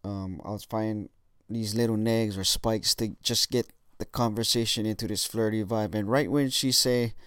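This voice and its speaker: A man's voice: on the low side, fairly even intonation, normal speed, fairly bright tone, clean tone, no room sound, clean studio sound. A young man giving casual dating tips in a monologue, swearing often and using lots of fillers. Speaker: dating coach vlogger.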